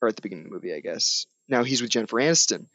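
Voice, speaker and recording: A man's voice: lowish voice, animated, racing, fairly bright tone, no room sound. A young man co-hosting a casual movie review chat, rambling and amused, with lots of fillers as he retells scenes. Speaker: movie review podcast co-host.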